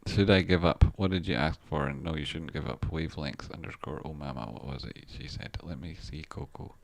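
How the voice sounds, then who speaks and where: A man's voice: rumbling low, brisk, no room sound. A man hosting a casual live stream, rambling and thinking aloud about stock charts, with the odd swear word. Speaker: trader and channel host.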